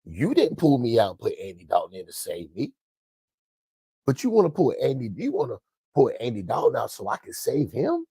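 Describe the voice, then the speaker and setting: A man's voice: medium pitch, huge pitch swings, fairly quick, creaky, mellow, breathy edge, no room sound. A man hosting a sports commentary show, ranting in a profane, emphatic way and repeating his points. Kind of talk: fiery sports rant.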